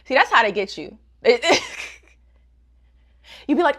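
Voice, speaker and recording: A woman recapping a manga in a casual, slangy way, cracking jokes and laughing often. Her voice sits somewhat high for a woman. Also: big pitch swings, measured pace, long pauses, a bit bright. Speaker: manga reviewer.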